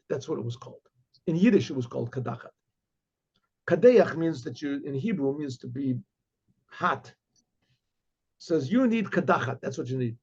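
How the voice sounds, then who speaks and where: A rabbi spins a story in a loose, rambling way, backing up and clearing his throat as he goes. His voice sits fairly high but is gravelly, husky and mellow in tone. The recording sounds dull and lo-fi. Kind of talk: casual oral storytelling.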